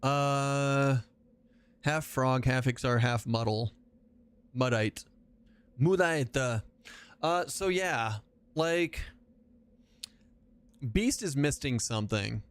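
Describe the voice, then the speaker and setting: A man's voice: mid-range voice, takes it slowly, long pauses, smooth. A man live-streaming a game, chatting loosely with his viewers. He jokes around, swears casually and rambles from one aside to the next, in a mid-range voice. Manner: joking, profane, rambling asides. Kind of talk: casual livestream chat while gaming.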